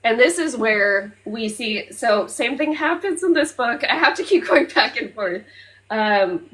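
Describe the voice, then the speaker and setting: A woman co-hosting a podcast in casual chat. She retells things in a lively, loose way, swears freely, and stops to hunt for her place. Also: on the high side, rough recording. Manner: animated retelling, often swears, fillers, loses her place. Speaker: podcast co-host.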